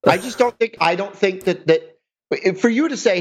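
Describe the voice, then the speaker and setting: A man's voice: sits high, lively intonation, normal speed. A middle-aged man co-hosting a podcast, rambling in casual chat with sarcastic, self-mocking humour. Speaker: podcast co-host. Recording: dull lo-fi sound.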